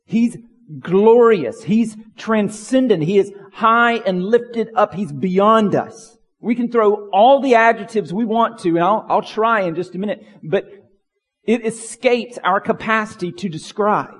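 A man's voice: sits high, a little slow, long reverb tail. A man preaching a sermon as pastor, earnest and building in intensity through long lists. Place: church sanctuary.

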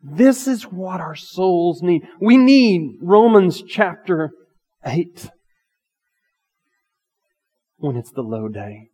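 Pastor, male, slightly high-pitched, earnest sermon delivery with slow scripture reading, big reverberant church sound. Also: sing-song, breathy edge. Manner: swings between loud emphatic lines and quiet asides; reads scripture aloud slowly and earnestly. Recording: long reverb of a large hall.

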